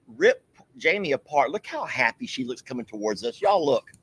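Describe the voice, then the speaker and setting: A man's voice: on the high side, normal speed, breathy edge. Chatty man on a farm livestream. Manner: chatty, teasing, animated. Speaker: livestream host. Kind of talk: casual livestream chat. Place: outdoors on a farm.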